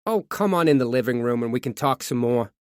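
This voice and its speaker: A man's voice: medium pitch, animated, fairly quick, clean tone, dry recording, studio quality, close to an everyday voice. A man voicing a friendly, chatty woman neighbor in a true crime audiobook reading.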